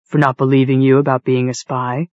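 A woman's voice: a bass voice, little pitch movement, a little fast, darkish tone, no room sound, pitched below the performer's own voice. A woman reading an audiobook, voicing a stern, protective young man who lectures and demands answers. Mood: apologetic. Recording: dull, dry studio read.

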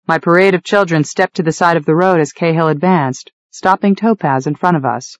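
A woman narrating a novel in the first person, in an even, measured storytelling manner. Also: fairly low pitch, no echo. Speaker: audiobook narrator. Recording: dull, dry studio read.

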